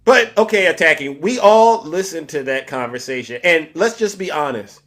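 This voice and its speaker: A man hosting a live political call-in stream, talking in an animated way and saying "all right" over and over. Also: fairly high pitch, normal speed. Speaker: live call-in show host.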